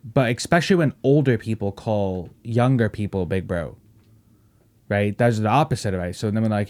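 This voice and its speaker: A young man hosting a podcast, telling stories in a loose, profane, animated way and laughing often. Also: fairly low pitch, normal speed. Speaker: podcast host. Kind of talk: casual podcast chat.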